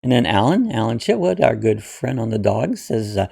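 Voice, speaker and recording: A man's voice: mid-range voice, big pitch swings, moderate pace, creaky, mellow, husky. A man from Ohio hosting his channel, casually chatting through viewer comments with lots of uhs and restarts. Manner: rambling, friendly, with frequent uhs and restarts. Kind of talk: casual chat.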